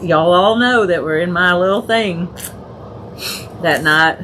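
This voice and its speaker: A woman's voice: lowish voice, takes it slowly, a bit bright, slight background noise. A woman hosting a casual crafting livestream, laughing through her words and chatting to viewers by name. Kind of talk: casual live crafting chat.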